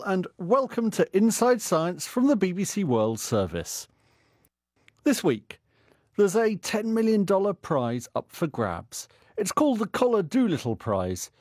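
A man hosting a radio science show, presenting in a lively, playful way. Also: sits high, no echo, clean studio sound. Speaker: host.

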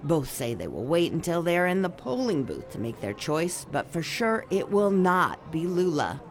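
A woman correspondent delivering a radio news report in a measured, clear way. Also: lowish voice, very animated. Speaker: foreign correspondent.

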